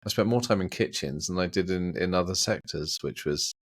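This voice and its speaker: A middle-aged Englishman with a lowish voice, chatting as an interview guest. He tells anecdotes in an animated way, laughs often and slips into the voices of others. The sound is dry and close. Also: brisk, no echo. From England. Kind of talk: casual interview storytelling.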